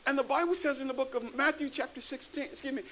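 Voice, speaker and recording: A man preaching a sermon to a live congregation, animated, calling out to the audience and rising to shouts. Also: extremely high pitch, fast talker, low-quality recording. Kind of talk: sermon with testimony. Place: church before a live congregation.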